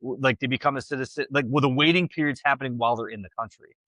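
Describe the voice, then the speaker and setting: A man's voice: mid-range voice, rapid-fire, pushed and bright, no room sound. A man co-hosting a podcast, arguing his view in a casual debate, hesitant and full of restarts. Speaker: podcast co-host.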